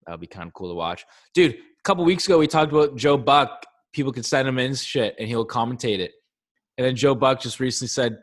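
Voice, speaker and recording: A man's voice: medium pitch, animated, a little fast. A young man co-hosting a podcast, talking bluntly with lots of swearing in casual chat. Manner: profane, blunt, bro-ish. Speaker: podcast co-host.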